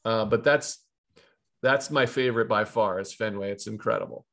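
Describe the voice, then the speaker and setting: A man in his thirties from Ohio, a retired baseball pitcher telling stories as an interview guest, rambling with frequent restarts and asides. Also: moderate pace, gravelly, a bit bright. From Ohio, USA. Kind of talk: casual interview storytelling.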